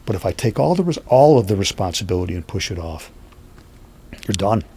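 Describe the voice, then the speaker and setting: A man who is a podcast guest, telling stories in a lively way and acting out what people said. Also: low-pitched, a little fast, slight background noise. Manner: lively, acts out quoted speech. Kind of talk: animated storytelling.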